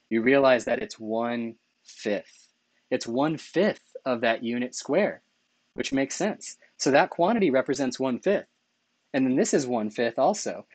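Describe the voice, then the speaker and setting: A man's voice: mid-range voice, darkish tone, no room sound. Enthusiastic male math lecturer, dry close sound. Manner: enthusiastic, self-correcting, asks rhetorical questions with "right?". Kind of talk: recorded lecture over slides.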